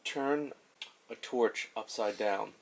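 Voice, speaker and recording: Brief: male tabletop player, casual, lowish voice. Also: slow, gravelly, a little hiss or hum.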